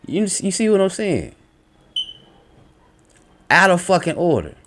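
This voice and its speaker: A man's voice: high voice, big pitch swings, slow pace, fairly bright tone, a little hiss or hum. Blunt profane man ranting. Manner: lectures while reading out comments. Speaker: religious commentator. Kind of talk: angry reaction rant.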